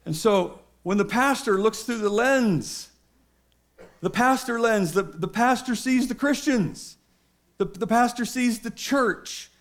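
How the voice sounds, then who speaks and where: High-voiced, emphatic male preacher. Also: takes it slowly. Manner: emphatic and humorous, with many repetitions. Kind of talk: sermon.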